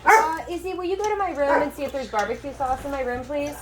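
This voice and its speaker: A woman's voice: high-pitched, expressive, fast talker, very noisy. A young woman chatting casually in a busy family home, teasing and rambling as she works in the kitchen. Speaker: vlogger. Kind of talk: casual home vlog chat.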